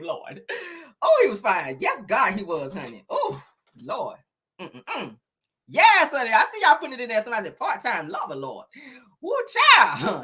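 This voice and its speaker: Sassy, animated woman gossip host. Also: medium pitch, slightly rough. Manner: sassy, slangy, teasing, calls the viewers honey and child. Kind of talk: casual celebrity gossip commentary on a livestream.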